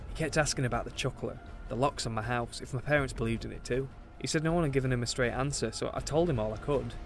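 A man telling a scripted horror story in a measured voice that sinks to a hush at tense moments. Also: medium pitch. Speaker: narrator.

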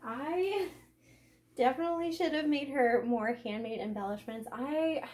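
A young woman chatting casually as she unboxes a craft package, gushing and excited, gasping often. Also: high voice, measured pace. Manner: gushing, excited, many gasps and "oh my gosh". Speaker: craft vlogger.

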